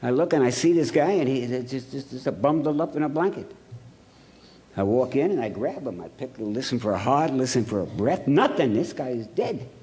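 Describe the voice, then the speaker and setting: A man from Ohio speaks at a recovery meeting in a blunt, gruff storytelling manner. He swears freely and acts out the scenes with plenty of animation. His voice sits at an ordinary middle pitch. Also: animated, a little fast, warm tone. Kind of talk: storytelling talk to an audience.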